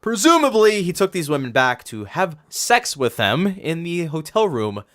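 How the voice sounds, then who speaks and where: A man's voice: fairly high pitch, big pitch swings, normal speed, fairly bright tone. A man hosting a casual wrestling review podcast, rambling, laughing and cursing freely as he recaps matches. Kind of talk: casual profane chat and recap.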